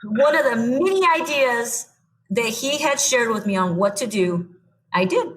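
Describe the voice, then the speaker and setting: A young adult woman, a podcast guest, telling her own story in a blunt, animated way and acting out what she said back then. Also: on the high side, a little slow. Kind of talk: casual storytelling.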